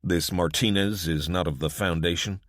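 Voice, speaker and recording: A man's voice: low voice, fairly even intonation, moderate pace, a bit bright, no echo, studio quality. A male narrator voicing a formal, preachy male religious recruiter in an audiobook, speaking in a stilted way.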